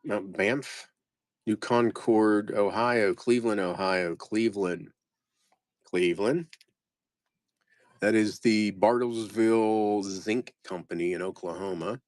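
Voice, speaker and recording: A man's voice: fairly low pitch, steady tone, slow pace, a little mellow, no room sound, clean studio sound. A man selling postcards on a live stream, rambling casually and joking at his own expense as he reads off each card. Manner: rambling, self-deprecating, reading off card names. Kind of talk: casual live-sale narration.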